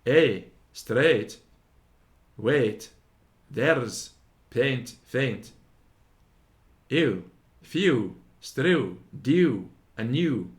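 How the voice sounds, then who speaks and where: Slow, deliberate male reader of grammar. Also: medium pitch, animated. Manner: slow, deliberate, sounding out each example word. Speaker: teacher reading a historical grammar aloud. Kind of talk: read-aloud lesson.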